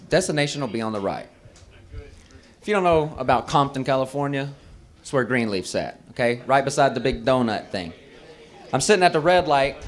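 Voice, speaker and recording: A man doing a brash, profane stand-up set at an open mic on a bar stage. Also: mid-range voice. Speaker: stand-up comedian.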